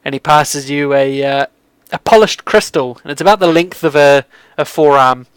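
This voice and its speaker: A man's voice: on the high side, moderate pace, smooth, dry recording. A man narrating a tabletop game as game master, rambling with lots of fillers.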